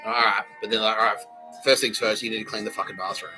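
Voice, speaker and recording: A man hosting a podcast, telling a rambling comedic story in a loose, profane way and slipping into quick voices for the people in it. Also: fairly low pitch, level tone, over music. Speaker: podcast host.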